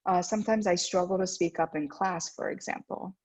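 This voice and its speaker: A woman's voice: fairly low pitch, a little fast. A woman giving a presentation to parents as a guest speaker at a school. She often checks in with "right?" and acts out the voices she quotes. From United States. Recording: dull lo-fi sound.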